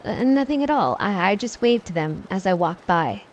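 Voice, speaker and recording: A woman's voice: medium pitch, animated, normal speed, dull audio, a little hiss or hum, natural voice. A woman voicing a nervous, stammering man in his early thirties, reading a scary story aloud. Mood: evasive. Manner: stammering, pleading.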